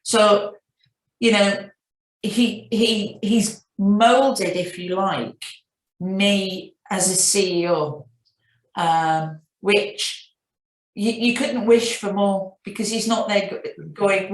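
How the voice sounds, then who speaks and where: A woman's voice: medium pitch, fairly even intonation, extremely slow, roomy sound, low-quality recording. A middle-aged woman with a Northern English accent, a chief executive telling anecdotes in a business interview with many restarts. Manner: reflective, anecdotal, frequent restarts. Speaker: CEO guest.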